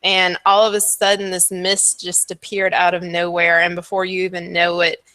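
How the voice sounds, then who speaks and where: A woman narrating as dungeon master in a tabletop game, laughing often and filling pauses with "um". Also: lowish voice, monotone, sharp tone, no room sound. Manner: laughs often, hesitant with fillers.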